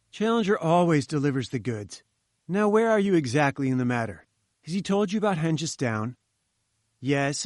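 Man doing a chatty young newsman, brisk, confiding, enthusiastic, lightly raised voice, dry sound. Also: on the high side, no room sound. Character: eager, talkative male journalist, young adult. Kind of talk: audiobook character reading.

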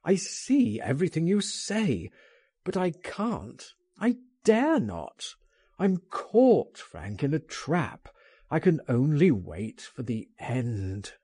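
A man's voice: animated, slow, warm tone, breathy edge, dry recording, studio quality. A man reading a storybook aloud, voicing a frightened man who pleads in a raised, anguished voice. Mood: despairing. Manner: pleading, anguished, higher than the narrator. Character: frightened, despairing man trapped by fear.

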